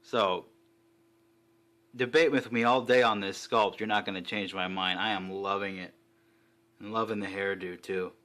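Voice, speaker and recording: A man chatting casually and excitedly while reviewing a collectible figure, swearing now and then. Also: on the low side, moderate pace, long pauses.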